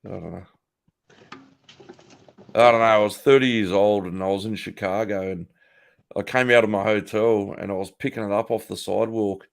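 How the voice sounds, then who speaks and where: A man's voice: fairly low pitch, fairly even intonation, moderate pace, vocal fry, pauses often. A middle-aged Australian man hosting a casual livestream from a home office, swearing freely, joking and laughing often as he answers chat. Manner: profane, jokey, laughs often, reacts to chat. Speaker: livestream host.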